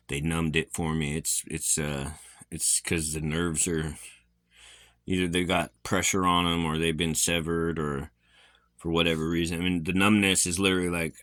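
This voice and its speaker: A man's voice: deep voice, fairly bright tone, no echo. A man vlogging casually, rambling with many fillers and restarts, his speech a little slurred from a facial injury so that he sounds like he has false teeth.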